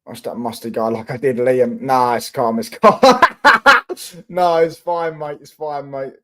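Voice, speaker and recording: A man's voice: medium pitch, steady tone, normal speed, darkish tone. Slangy London man on a livestream. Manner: chatty, slangy, answers chat comments with swearing. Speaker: football livestream host. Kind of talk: casual livestream chat with viewers.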